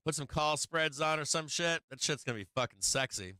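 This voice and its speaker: A man's voice: on the high side, a little fast, sharp tone, smooth, dry recording. A man hosting a live stock market stream, coaching and taunting viewers in brash, profane, rambling commentary full of "right?". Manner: brash, profane, repeats "right?" and restarts often; talks directly to viewers, coaching and taunting them. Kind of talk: casual live trading commentary.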